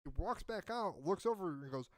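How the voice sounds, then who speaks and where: A man's voice: high voice, expressive, normal speed, no room sound. A man in casual chat who tells a rambling story and acts out what people said. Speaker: podcast host.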